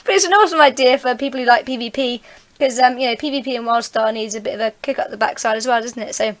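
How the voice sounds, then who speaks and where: A woman with a fairly high-pitched voice hosts a relaxed gaming podcast. She chats easily and laughs often. She rambles a little as she reads out event details. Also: fast. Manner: giggly, chatty, reads out details. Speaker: podcast host. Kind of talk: casual podcast chat.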